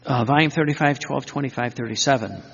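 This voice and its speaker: A man's voice: mid-range voice, quick pace, slightly rough. A man preaching an earnest Catholic-style sermon, repeating himself, restarting phrases and building long fervent lists. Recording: dull lo-fi sound with long hall reverb.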